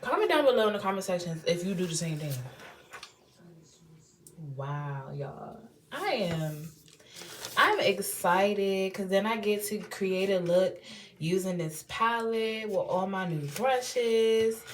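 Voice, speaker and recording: A young woman from Washington, D.C., with a D.C. accent, chatting in a casual unboxing vlog in her home bathroom. She talks in lively slang, with big swings in pitch and loudness. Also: slow, a little hiss or hum. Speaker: beauty vlogger.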